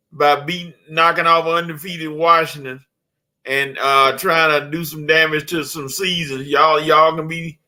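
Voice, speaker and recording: A man's voice: on the high side, sharp tone. A man co-hosting a casual sports talk show in an easygoing way, reading out listener comments. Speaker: co-host.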